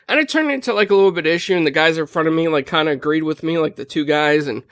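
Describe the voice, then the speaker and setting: Male podcast panelist, animated storyteller, fairly high voice, dry close mic. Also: very fast, hardly any pauses, clear, resonant tone, dry recording. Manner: animated retelling with frequent "like" and "you know". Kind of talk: casual storytelling on a gaming podcast.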